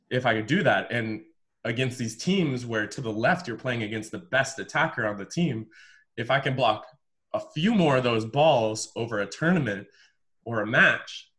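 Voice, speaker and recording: A man from the United States, a former pro volleyball player, telling his story as a podcast guest in an emphatic, animated, casual way. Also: medium pitch. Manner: emphatic and animated, repeats words, says "bro".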